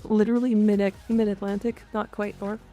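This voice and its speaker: A woman's voice: mid-range voice, flat delivery, moderate pace, warm tone, highs cut off, faint music behind. A woman from Canada streaming live, chatting casually and frankly with her chat, with some swearing and jokes. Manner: frank, profane, joking. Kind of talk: casual chat reading and answering chat.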